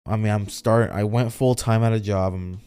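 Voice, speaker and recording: A young man hosting a solo podcast, speaking candidly in a halting, emotional way, near tears and swearing often. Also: on the low side, steady tone, dark tone, smooth. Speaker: podcast host.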